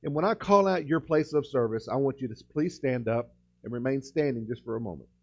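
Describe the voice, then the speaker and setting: A man preaching a sermon as pastor, slowing and lifting his voice on key words, with frequent restarts. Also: mid-range voice, muffled recording. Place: church sanctuary.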